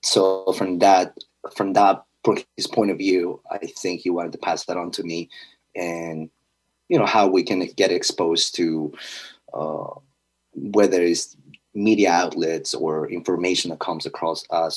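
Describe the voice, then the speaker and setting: Young man, very low-pitched voice, interview guest, earnest, reflective, hesitant. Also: fairly even intonation, measured pace, husky, poor audio. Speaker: fitness trainer. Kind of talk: conversational interview.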